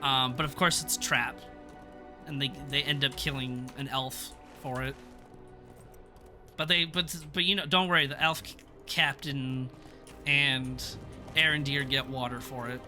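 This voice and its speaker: A man's voice: mid-range voice, fairly even intonation, a little slow, pauses often, pushed and bright, faint music behind. A young man chatting casually on a live stream, reviewing a TV episode in a rambling, laughing way. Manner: rambling, self-interrupting, laughs often.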